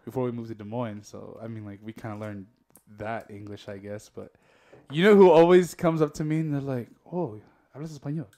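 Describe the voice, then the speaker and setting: A man in casual podcast chat, relaxed, dropping Spanish slang into his English. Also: medium pitch, fairly quick. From Sinaloa, Mexico roots, grew up in Iowa. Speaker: podcast co-host.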